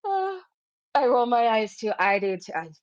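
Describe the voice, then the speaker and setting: A woman's voice: on the high side, very animated, normal speed, no room sound, muffled recording. A woman in her forties hosting a casual livestream. She chats, reads viewer messages aloud and often laughs at herself. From Canada. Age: 40s. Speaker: YouTube livestream host.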